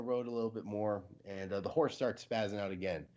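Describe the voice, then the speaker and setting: A man's voice: lowish voice, brisk, darkish tone. A man from Ohio casually chatting as a livestream host, rambling and full of fillers. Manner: rambling, heavy with fillers, tells jokes. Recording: dull lo-fi stream audio.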